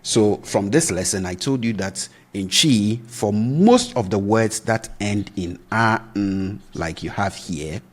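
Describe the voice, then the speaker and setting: A man with a very deep, husky voice teaches a language lesson. He speaks slowly and patiently. He repeats each word to show how it is pronounced and keeps asking "right?" to check the listener is following. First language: Twi. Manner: patient, repeats words slowly for pronunciation, often asks "right?".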